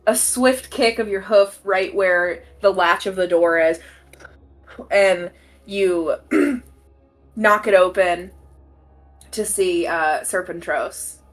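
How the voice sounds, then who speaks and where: A woman's voice: mid-range voice, slow, long pauses, faint music behind. A woman narrating as game master in a tabletop game, casual and full of fillers.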